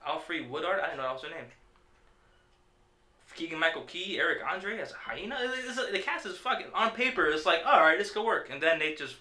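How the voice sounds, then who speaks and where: A man's voice: on the high side, expressive, a little fast, bright, forceful tone. A man hosting a podcast in casual chat, rambling and cursing, stumbling over names. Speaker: podcast host. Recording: echoey room.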